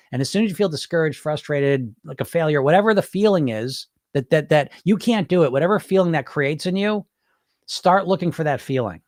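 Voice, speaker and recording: A man talks to his listeners as a weight loss coach, casual but emphatic, often repeating a phrase to drive it home. His voice sits fairly high for a man. The sound is dry and close, with no room around it. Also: dry recording. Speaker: weight loss podcast host and hypnotist. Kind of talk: casual coaching talk answering a listener question.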